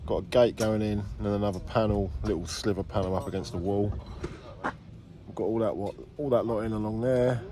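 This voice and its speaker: This landscaping business owner chats loosely while vlogging from an outdoor job site, drifting between banter and tangents. He speaks a little fast in a steady tone, his voice sitting on the low side.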